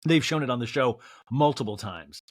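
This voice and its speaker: A man's voice: mid-range voice, moderate pace, no echo, clean studio sound. A young man hosting a podcast, recapping a reality show with snarky, mocking humor. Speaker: podcast host. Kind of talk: comedic TV recap.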